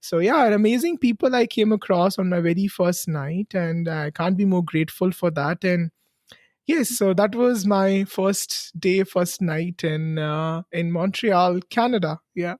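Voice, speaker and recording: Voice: mid-range voice, measured pace, darkish tone, no room sound, studio quality. A podcast host interviewing a guest, friendly, asking questions and answering with "okay, okay". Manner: friendly, asks questions, often says "okay, okay".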